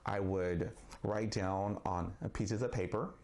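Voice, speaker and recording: A man speaking slowly and earnestly about his own life in a personal vlog, with occasional stuttered restarts. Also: on the low side, steady tone, a little mellow. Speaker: vlogger sharing his experience of stuttering.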